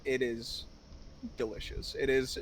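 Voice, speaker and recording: A man's voice: medium pitch, level tone, measured pace, over a noisy crowd. A man in casual chat, rambling with lots of "like" and "dude" and teasing his co-host. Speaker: co-host guest.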